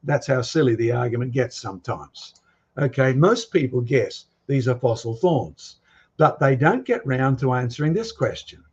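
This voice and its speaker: A man lectures a live audience from his slides, pressing his points hard and firing challenging questions at the room. His voice sits at an ordinary middle pitch. The recording sounds a little dull and lo-fi. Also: animated, normal speed, husky. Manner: emphatic, quizzing the audience with provocative questions. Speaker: guest lecturer.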